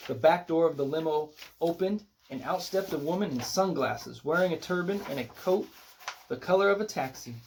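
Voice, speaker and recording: A storybook reader narrating a picture book aloud with expressive, animated delivery. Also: medium pitch, normal speed, slight background noise.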